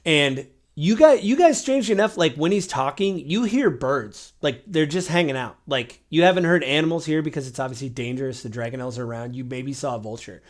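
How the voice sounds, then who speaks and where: A man's voice: fairly high pitch, a little fast, hardly any pauses. A man narrating a tabletop game as game master, in a loose, rambling way full of fillers.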